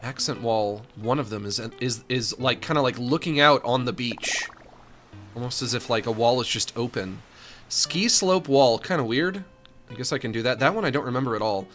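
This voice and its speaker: An excitable man talks his way through decorating a room in a game, swinging from low mutters to bursts of delight. His pitch moves a lot around a middle level. Faint music plays behind him. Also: normal speed. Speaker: streamer. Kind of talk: casual gameplay commentary.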